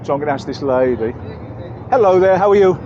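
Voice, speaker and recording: A man's voice: on the high side, lively intonation, quick pace, muffled recording, background noise. An English man giving a chatty, rambling walking-tour commentary outdoors in busy market streets, correcting himself as he goes. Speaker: travel vlogger.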